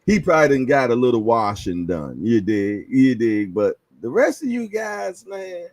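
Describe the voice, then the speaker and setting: A man's voice: medium pitch, big pitch swings, takes it slowly, darkish tone, dry recording. Laid-back slangy male boxing host. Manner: laid-back slang, frequent laughs, repeats "yeah, yeah". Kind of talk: casual livestream chat.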